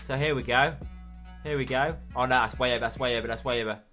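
A young man with a British accent giving excitable live commentary over his own football gameplay. He swears freely and yells at the referee. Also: mid-range voice, fast, faint music behind. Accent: British English. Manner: excitable, swearing, shouting at the ref. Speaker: gaming video host.

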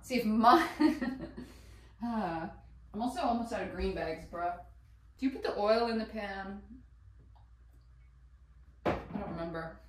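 A woman chatting while she cooks at home, rambling and excitable, swearing casually and laughing as she goes. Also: mid-range voice, slow, pauses often. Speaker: vlogger. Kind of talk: casual cooking vlog chat. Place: home kitchen. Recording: echoey room, voice a bit far from mic.

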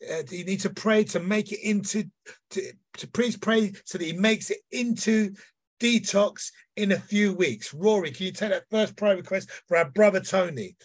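A man's voice: sits high, moderate pace. A man leading an online prayer meeting, praying fervently and calling on others to pray. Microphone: video call.

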